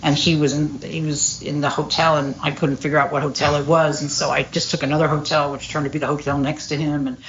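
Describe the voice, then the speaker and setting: A woman's voice: low-pitched, level tone, quick pace, hardly any pauses, dull audio, a little hiss or hum. A middle-aged woman speaking at a recovery meeting, telling her story candidly with lots of fillers. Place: meeting room.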